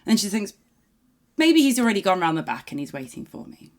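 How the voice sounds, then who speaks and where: A woman co-hosting a reaction video, telling a long joke in a casual, animated way and laughing easily. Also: mid-range voice, brisk. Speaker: reaction channel co-host.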